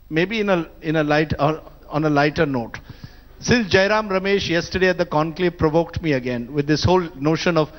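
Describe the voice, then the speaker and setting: High-voiced man moderating a panel. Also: low-quality recording. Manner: brisk, pressing questions.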